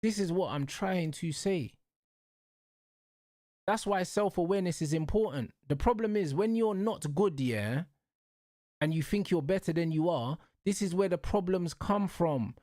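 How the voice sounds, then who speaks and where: A man's voice: high-pitched, expressive, measured pace, mellow, dry recording, clean studio sound. Heated young man ranting. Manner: heated, repetitive, slangy ranting. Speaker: show host. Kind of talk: casual football rant.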